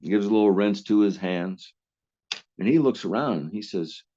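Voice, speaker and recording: A man's voice: fairly low pitch, expressive, moderate pace, mellow, dull audio. A man telling stories casually as an interview guest, rambling with frequent restarts and coarse language. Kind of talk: casual storytelling.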